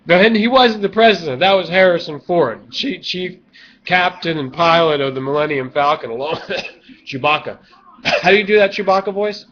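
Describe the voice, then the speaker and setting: A man ranting in a rambling vlog monologue, swinging from low mumbles to loud, drawn-out shouting. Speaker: vlogger. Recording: dull lo-fi webcam audio.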